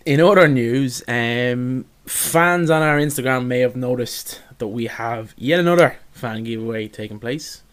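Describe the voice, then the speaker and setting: A man hosting a casual sports podcast, introducing segments with frequent pauses and "um"s. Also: medium pitch, fairly bright tone. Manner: runs the show, with frequent "um"s. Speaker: podcast host.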